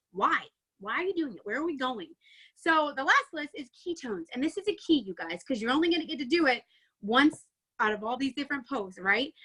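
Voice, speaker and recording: A woman coaching her sales team in a chatty, excitable motivational talk, a little out of breath, peppering it with "like" and "right?". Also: high-pitched. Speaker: network marketing team coach. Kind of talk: energetic motivational training talk.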